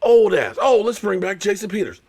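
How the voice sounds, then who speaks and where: A man ranting on his live stream about football, sitting high in his register and swinging his pitch all over. He sounds fired up and sarcastic, mocking his rivals and hammering his points home by repeating himself. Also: expressive, fairly quick, a little mellow, slightly rough. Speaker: show host and former pro football player. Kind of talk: heated live-stream sports rant.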